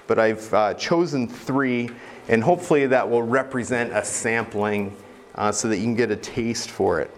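A man's voice: mid-range voice, a little hiss or hum. A man preaching a sermon in a conversational, self-deprecating way, with frequent hesitations. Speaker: pastor.

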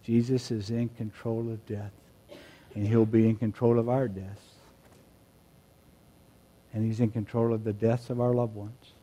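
Male preacher, mellow tone, swings from hushed reflection to forceful emphasis. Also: fairly low pitch, level tone, a little slow, pauses often. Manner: swings from quiet reflection to loud emphatic shouts. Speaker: pastor. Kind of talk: sermon.

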